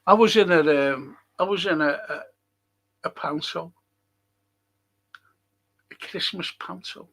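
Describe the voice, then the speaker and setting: A man's voice: on the high side, slow, creaky, pauses often, a bit bright. An older man with a Liverpool accent, hosting a live podcast stream, reading viewer comments and telling blunt, sweary, rambling stories. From England. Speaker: podcast host.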